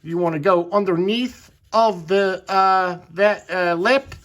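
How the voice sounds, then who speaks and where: A man with a rather high voice walks through a hands-on demonstration. His talk is folksy and unpolished, and he says words twice or three times to drive a point home. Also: takes it slowly, a bit bright. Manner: folksy, repeats words for emphasis. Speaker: knife channel host.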